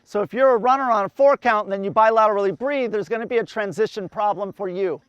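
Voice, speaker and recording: A man's voice: high-pitched, quick pace, fairly bright tone, smooth, dry recording, lo-fi sound. A man coaching a group outdoors, explaining running and swimming cadence step by step and counting breaths aloud in rhythm. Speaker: endurance coach.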